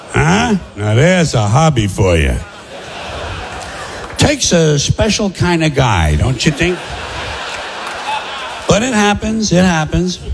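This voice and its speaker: A male comedian works the stage with a sardonic, mock-cheerful delivery and pointed rhetorical questions. His pitch roams up and down as he builds each bit. The sound carries a long hall reverb with a faint hiss underneath. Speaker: stand-up comedian. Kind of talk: stand-up routine.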